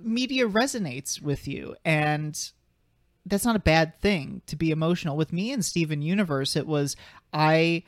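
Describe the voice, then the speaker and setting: A man's voice: fairly high pitch, animated, normal speed, no room sound, clean studio sound. A man in his twenties co-hosting a podcast in casual chat, rambling with lots of fillers and side tracks. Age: 20s. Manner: rambling, filler-heavy and sidetracked. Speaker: podcast co-host.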